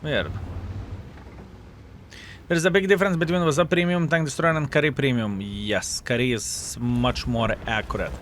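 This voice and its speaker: Excitable swearing man streaming a game. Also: medium pitch, moderate pace, pauses often, a little hiss or hum. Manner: swearing, excitable, greets chat viewers. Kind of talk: live gameplay commentary and chat reading.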